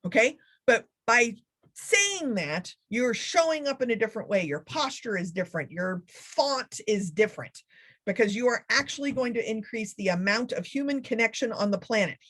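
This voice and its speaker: Woman keynote speaker, sarcastic and funny, animated motivational talk. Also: fairly high pitch.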